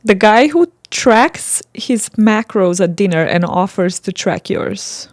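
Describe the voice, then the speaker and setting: A woman's voice: mid-range voice, animated, slow pace, dry recording, clean studio sound. A woman hosting a podcast, playfully teasing her guest while reading out game prompts. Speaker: podcast host. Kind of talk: casual podcast chat, running a game.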